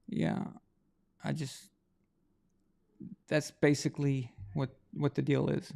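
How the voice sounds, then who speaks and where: A man's voice: a little high, little pitch movement, slow, gravelly, pauses often, a little mellow. A man hosting a casual livestream chat for members, rambling and thinking aloud with trailing sentences. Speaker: livestream host.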